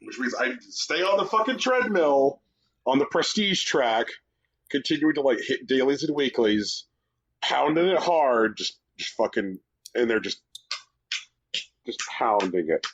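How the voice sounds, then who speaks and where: This podcast co-host speaks expressively at a moderate pace, his mid-range voice slightly bright despite the lo-fi sound. In casual chat, he jokes, swears, and tells mock-romantic stories.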